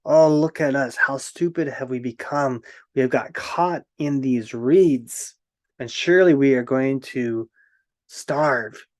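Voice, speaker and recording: A man's voice: medium pitch, slow, close to an everyday voice. A man voicing small stranded fish who plead in a sorrowful tone.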